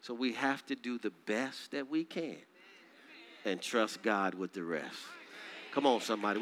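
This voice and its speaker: A man preaching a sermon as pastor, coaxing the congregation to repeat lines and swinging from quiet low passages to high, loud declaiming. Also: unhurried, a faint crowd, slight background noise. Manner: call-and-response preaching, urging the congregation to repeat phrases.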